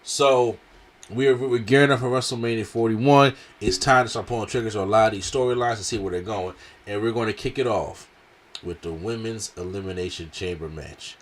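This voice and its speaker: A man's voice: fairly low pitch, a little fast. A man reviewing a wrestling show in casual slangy talk, with a strained throat, acting out what the wrestlers said.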